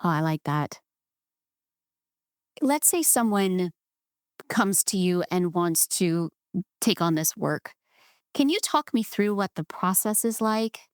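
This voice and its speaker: A woman's voice: lowish voice, animated, takes it slowly, long pauses, clear, resonant tone, no room sound. A woman host keeps the conversation moving with curious, encouraging questions. She sounds dry and close, with no room around her voice. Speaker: podcast host. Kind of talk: interview conversation.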